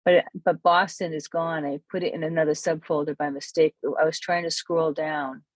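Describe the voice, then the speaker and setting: A camera club presenter giving a casual software walkthrough, thinking aloud and correcting themselves while demonstrating. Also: mid-range voice, level tone, moderate pace, no echo.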